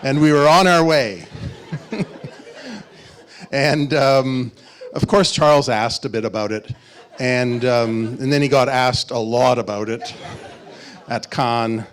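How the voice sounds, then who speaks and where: A male film co-writer and director on a festival panel, telling anecdotes in an animated way and laughing often. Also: medium pitch, slow pace, pauses often. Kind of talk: casual panel talk.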